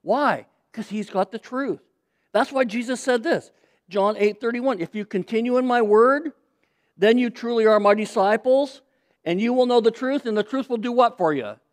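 A man with a notably high voice preaches a sermon from a stage mic. He drives his points home by repeating phrases and getting the crowd to answer back. His delivery is emphatic and built for a congregation. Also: normal speed. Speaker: pastor.

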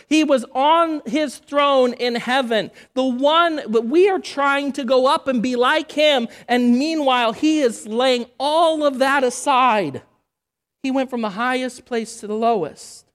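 A woman preaching a sermon, emphatic, building through repeated phrases and dropping low and quiet to stress key points. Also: a little slow.

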